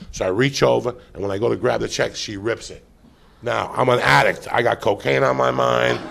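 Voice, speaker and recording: A man's voice: medium pitch, creaky. A man hosting a live podcast, telling a profane comic story with lots of swearing and laughter. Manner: animated, swearing, laughing as he tells. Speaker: podcast host.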